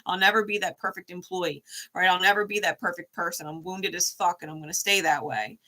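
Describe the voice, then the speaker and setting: Brief: woman doing a defiant, cussing wounded bear who won't be fixed; sharp tone. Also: lowish voice, fairly quick. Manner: defiant, profane. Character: stubborn wounded bear refusing to change.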